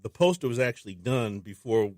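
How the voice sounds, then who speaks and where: A man, a filmmaker guest on a radio show, talking in a casual, animated way and acting out what people said to him. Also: mid-range voice, a little fast, no echo, clean studio sound. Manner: animated storyteller who acts out quotes. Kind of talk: casual interview talk. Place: radio studio.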